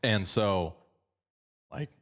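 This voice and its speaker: Low-voiced man, slight Southern twang. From Colorado, US. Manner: fast-talking, animated storyteller. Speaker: podcast host. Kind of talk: casual podcast chat.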